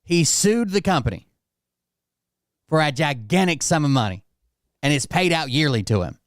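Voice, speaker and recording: A man's voice: on the high side, animated, moderate pace, no room sound, clean studio sound. Blunt, profane man reacting to clips. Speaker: channel host reacting to clips. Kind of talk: casual reaction commentary.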